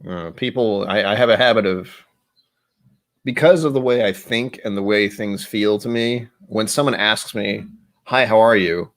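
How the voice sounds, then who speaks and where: A young man from the United States, with a lowish voice and moderate pace, hosts a casual live stream while tasting whiskey. He rambles, interrupts himself and often slips into playful voices.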